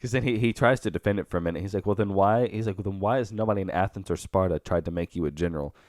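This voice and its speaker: A young man co-hosting a casual philosophy podcast. He sounds relaxed and amused and laughs while he talks. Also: low-pitched, very fast, dry recording, studio quality. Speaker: podcast co-host. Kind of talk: casual discussion of a philosophy text.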